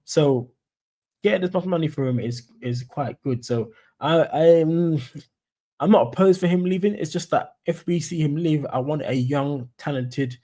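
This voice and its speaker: Casual london guy streaming, rambly, says mate a lot, dark mellow voice. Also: on the high side, unhurried. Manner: chatty, rambling, says "mate" and "you know what I'm saying". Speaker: football fan streamer. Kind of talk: casual live-stream commentary.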